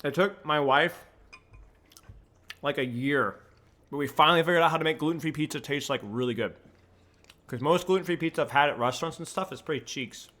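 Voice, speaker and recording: A young adult man streaming from home at a desk mic, breaking down match plays in quick analytical commentary, then chatting with viewers in a relaxed way. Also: on the high side. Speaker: streamer and coach. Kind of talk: casual match analysis and chat. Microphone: desk microphone.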